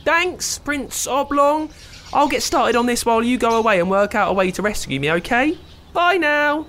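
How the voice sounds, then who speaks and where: A man doing a breezy, high-voiced princess. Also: expressive, moderate pace, sharp tone, exaggerated voice. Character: young princess, breezy and evasive.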